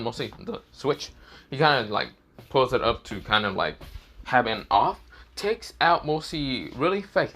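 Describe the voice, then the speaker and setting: A man's voice: mid-range voice, fairly bright tone. A young man casually narrating a fan story aloud, rambling with lots of fillers and heavy swearing. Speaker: fan fiction reader.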